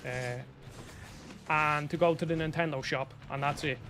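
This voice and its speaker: A man's voice: a little high, fairly even intonation, moderate pace, pushed and bright, slight background noise. A young Irish man chatting casually on a live stream, rambling as he answers viewers by name. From Ireland. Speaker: streamer reading chat.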